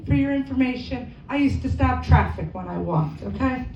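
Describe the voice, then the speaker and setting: A woman's voice: high-pitched, expressive, normal speed, dark tone, a little hiss or hum. A woman performing a stand-up comedy set, self-deprecating, acting out characters in quoted voices. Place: comedy club stage. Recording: echoey, distant, muffled live club sound.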